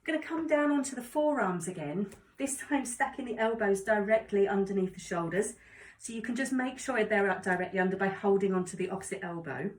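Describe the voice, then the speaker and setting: A woman calmly guiding a yoga class with encouraging cues. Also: medium pitch, a little fast. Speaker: yoga instructor. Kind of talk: guided exercise instruction. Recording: echoey room, distant mic.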